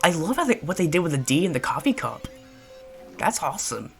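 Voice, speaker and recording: A man narrating his own playthrough of a game in a loose, chatty way. He reacts quickly and keeps the talk offhand between the scripted lines. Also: fairly high pitch, very animated, gravelly, a bit bright, faint music behind. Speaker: let's play gamer. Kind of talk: casual gameplay commentary.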